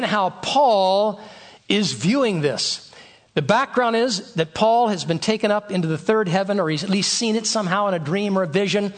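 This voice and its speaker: Guy preaching a sermon, pretty high voice, leans hard on the key words and says them again. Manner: emphatic, repeats key phrases. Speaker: pastor.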